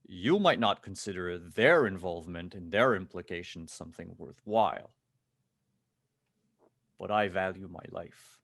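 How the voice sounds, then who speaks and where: A man's voice: low voice, animated, measured pace, vocal fry, a bit bright, full character voice. A man voicing a big, tough male bodyguard who speaks steadily and threateningly in a tabletop game. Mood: calm menacing.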